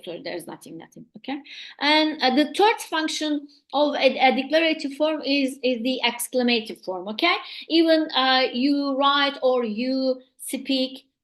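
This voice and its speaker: A woman with a Turkish accent teaching an English grammar lesson, pausing often with fillers and slipping into Turkish. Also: sits high, fairly bright tone. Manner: hesitant, many fillers, switches between English and Turkish. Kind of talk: recorded online lesson.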